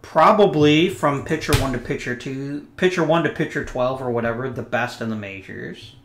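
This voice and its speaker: A man talks through a sports management game in a loose, wry way, trailing off into muttered asides. His voice sits at an ordinary middle pitch. The room around him is roomy and echoey. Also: moderate pace, a bit bright, slight background noise. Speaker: let's play host. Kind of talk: casual gameplay commentary.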